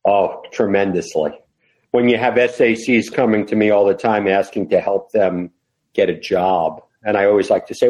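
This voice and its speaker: A man's voice: lowish voice, fairly even intonation, normal speed, a little mellow, poor audio. A middle-aged man from New York City, a guest telling his career story in a casual interview with wry, self-deprecating humor. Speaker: guest, retired FBI employee.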